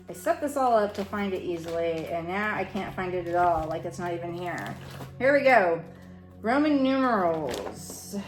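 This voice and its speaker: A middle-aged woman doing a casual tarot reading, talking frankly and swearing as she thinks aloud. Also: mid-range voice. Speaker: tarot reader. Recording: roomy echo with soft music behind.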